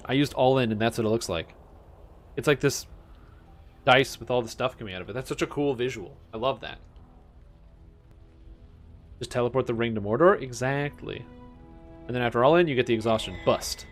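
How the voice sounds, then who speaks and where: A young man streaming a game, chatting casually with his viewers, getting excited and swearing now and then. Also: mid-range voice. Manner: mimics characters in quick offhand voices. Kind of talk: casual gameplay commentary. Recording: faint music behind.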